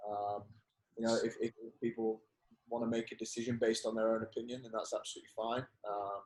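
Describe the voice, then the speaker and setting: A man's voice: lowish voice, little pitch movement, fairly quick, darkish tone, rough recording. A man who is a guest on a podcast, explaining things loosely with lots of fillers in a casual chat.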